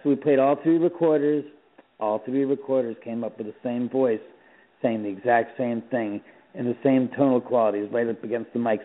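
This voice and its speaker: A middle-aged man from Los Angeles, a radio guest telling animated stories and acting out the dialogue, often repeating words as he goes. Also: mid-range voice. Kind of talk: phone interview, storytelling. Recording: tinny phone line.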